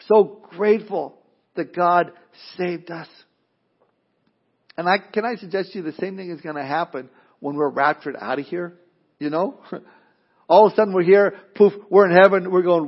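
A man preaching a sermon as a pastor, animated, acting out voices and often repeating words as he starts a thought. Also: sits high, moderate pace. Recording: dull lo-fi sound.

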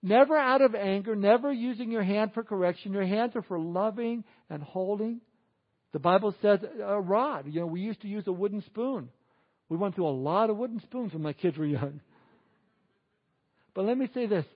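A man preaching a sermon as a pastor, animated, acting out quoted people in exaggerated voices. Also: sits high, moderate pace, dull audio.

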